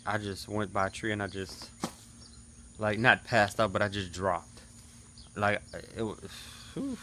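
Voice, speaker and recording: A man's voice: on the low side, fairly bright tone, slight background noise. A man in his thirties chatting casually to his viewers in a vlog recap. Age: 30s. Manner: chatty, talks straight to viewers. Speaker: vlogger.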